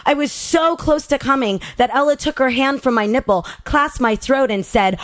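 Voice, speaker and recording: A woman's voice: high-pitched, normal speed, hardly any pauses, dry recording. A woman podcast host reading a personal story aloud, candid and profane, laughing at herself along the way.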